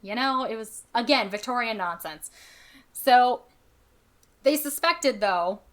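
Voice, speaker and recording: A woman's voice: a little high, expressive, slow, a bit bright. A woman co-hosts a casual podcast and tells a history story in a chatty, easygoing way. Her talk is full of fillers and asides. She reads quoted passages aloud in the same voice. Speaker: podcast co-host.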